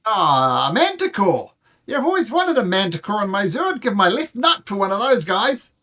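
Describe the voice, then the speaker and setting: A brash, jolly zookeeper with a cartoonishly thick Australian accent, as a game master puts him on. He booms high and hearty, every line pushed up and out for a tabletop game. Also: big pitch swings, moderate pace, exaggerated voice. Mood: boisterous. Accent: exaggerated Australian put-on. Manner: loud, high and boisterous.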